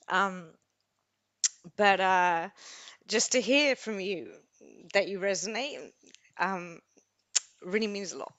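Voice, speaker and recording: A woman hosting a live stream, talking in an unscripted, rambling and expressive way while close to tears. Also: mid-range voice, unhurried, long pauses, no echo. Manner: rambling, expressive, self-deprecating. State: tearful, emotional.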